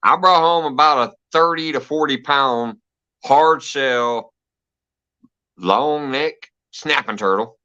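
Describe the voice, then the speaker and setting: A man's voice: mid-range voice, slow, sharp tone, clean tone. A man hosting a casual live stream, telling stories with lots of laughter and swearing. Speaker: host. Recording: dull lo-fi stream audio.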